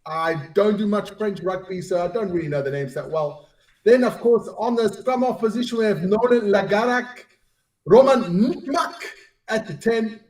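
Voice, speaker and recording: A man's voice: high-pitched, expressive, moderate pace, a little mellow, roomy sound, far from the mic. A man co-hosting a rugby podcast in casual chat, self-deprecating and stumbling over names. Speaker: podcast co-host.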